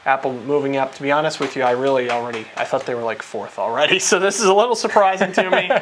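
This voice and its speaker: A man co-hosts a tech news show from a studio in casual chat, tossing out quick joking asides. His voice is mid-pitched, and a faint hiss sits under it. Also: lively intonation, a bit bright.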